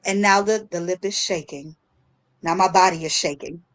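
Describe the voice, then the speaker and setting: A woman hosting a casual chat show, telling a story in a lively, slangy way with frequent laughter. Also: on the low side, moderate pace. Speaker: host.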